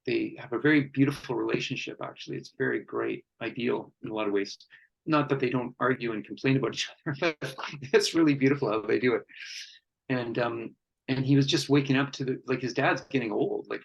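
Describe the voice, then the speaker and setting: Gravelly-voiced man giving a heartfelt talk. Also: mid-range voice, dull audio. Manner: earnest, heartfelt, speaks with pauses and fillers. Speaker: workshop speaker on men and conflict. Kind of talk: reflective workshop talk.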